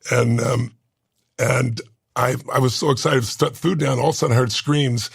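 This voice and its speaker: A man's voice: medium pitch, fairly even intonation, moderate pace, no echo, studio quality. A man in his sixties telling an emotional personal story as an interview guest, earnest and intense. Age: 60s. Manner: earnest, intense, rough gravelly voice, moved to tears.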